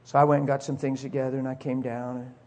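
A middle-aged man preaching a sermon as a story, acting out the voices and swinging from soft whispers to high cries. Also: level tone, quick pace, slight background noise.

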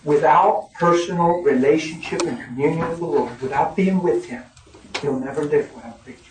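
A man in his fifties preaching a sermon, folksy and animated, laughing as he tells stories. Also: a little high, moderate pace, slight background noise. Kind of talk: sermon with storytelling. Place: church hall. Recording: echoey hall from far off, crowd. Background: congregation.

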